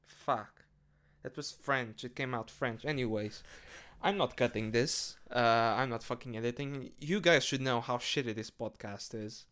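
A man's voice: medium pitch, unhurried, fairly bright tone. A man hosting a podcast, rambling casually with lots of hesitant fillers and swearing. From Portugal. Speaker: podcast host. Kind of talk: casual monologue.

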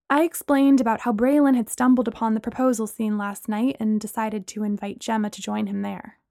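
A woman narrating a first-person story in an even storytelling voice, close to the mic. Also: on the high side, brisk, creaky, dry recording. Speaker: audiobook narrator.

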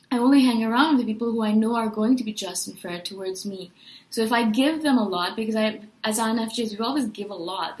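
A woman's voice: mid-range voice, reverberant, low-quality recording. A woman talking casually and earnestly in a monologue, venting her feelings and asking rhetorical questions. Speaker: personality-type video host.

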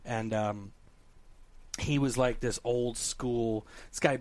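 A man's voice: medium pitch, takes it slowly. A man co-hosting a podcast in casual chat, telling stories animatedly and acting out voices. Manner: animated storyteller, acts out voices and laughs. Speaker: podcast co-host.

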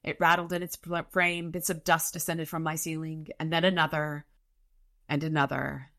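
A woman podcast co-host reading a novel aloud in a lively, animated way. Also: low-pitched, moderate pace.

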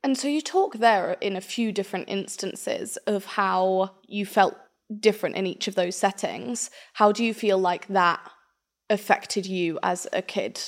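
A woman podcast host asking her guest measured interview questions. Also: mid-range voice.

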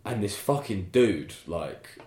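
A man tells a travel story in a loose, laid-back way, peppering it with "like" and swearing. His voice sits very low. The room around him is echoey. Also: sing-song, takes it slowly, darkish tone. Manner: laid-back, swears a lot, heavy use of "like". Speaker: podcast guest telling a travel story. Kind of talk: casual storytelling chat.

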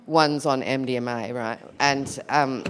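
A woman's voice: very deep voice, fairly even intonation, measured pace, a little hiss or hum. A middle-aged woman, a comedian guest telling rambling anecdotes on a live podcast. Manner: rambling anecdotes with frequent laughter.

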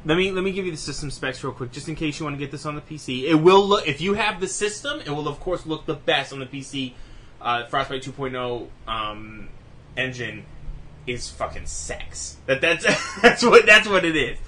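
A young man co-hosting a gaming podcast, rattling off specs in a quick, profane, joking casual chat. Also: fairly high pitch, fairly bright tone, slight background noise. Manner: rapid, profane, laughing reading of spec lists. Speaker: podcast co-host.

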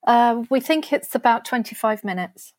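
A woman speaking as an interview guest, earnest and halting, often restarting her sentences. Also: a little high, animated, no echo. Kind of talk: conversational interview.

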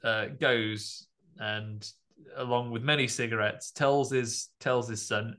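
A man of ordinary pitch co-hosts a film podcast. He talks casually and slips in wry, understated jokes. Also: fairly even intonation, takes it slowly, sharp tone. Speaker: podcast co-host.

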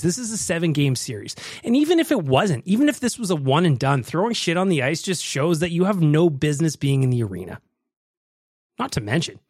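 A man's voice: fairly high pitch, dry recording, clean studio sound. A man hosting a podcast, ranting with profanity and reading sponsor plugs. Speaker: podcast host.

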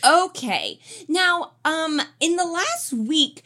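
A woman co-hosting a casual comedy chat, a loud, animated storyteller who acts out the people she quotes. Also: very high-pitched, slow pace. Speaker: podcast co-host.

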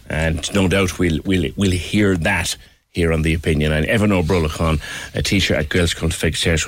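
A man with an Irish accent hosting a radio show, chatting casually and playfully, jumping from topic to topic. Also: low voice.

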